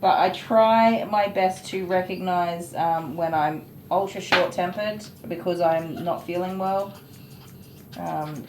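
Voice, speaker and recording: A woman's voice: fairly low pitch, takes it slowly. A middle-aged woman, chatting frankly and laughing at herself while grooming a dog. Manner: frank, self-mocking, laughs often. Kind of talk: casual chat while grooming. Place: grooming room. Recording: echoey room, faint noise.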